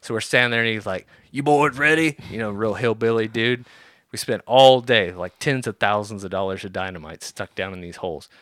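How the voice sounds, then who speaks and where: A man telling a story on a podcast in a casual, animated and profane way. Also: fairly low pitch, fairly quick, no echo, studio quality.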